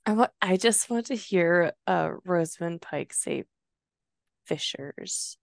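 A woman from the US Midwest, co-hosting a casual book podcast, playful and quick to drift off topic. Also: on the low side, gravelly, dry recording, studio quality. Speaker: podcast co-host reading a book aloud. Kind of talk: casual book-club chat and reading aloud.

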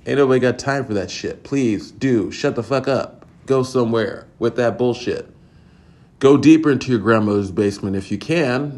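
A man's voice: mid-range voice, a little mellow. A man hosting a podcast, ranting casually in a profane, exasperated, rambling way. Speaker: podcast host. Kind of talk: casual opinion rant.

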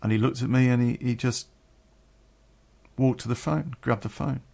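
A man's voice: medium pitch, normal speed, vocal fry, darkish tone. A middle-aged man telling a personal story on a podcast, candid and rambling, swearing freely.

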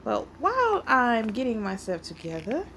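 A woman hosting a casual solo podcast, telling stories in an animated, playfully argumentative way and sounding a little out of breath. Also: fairly high pitch, normal speed, a little hiss or hum. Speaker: podcast host.

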